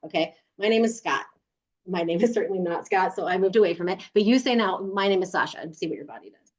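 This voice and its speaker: A woman's voice: on the low side, lively intonation, quick pace, a little mellow. A woman leading a group through a guided body exercise on a video call, coaching them and often laughing. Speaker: workshop leader.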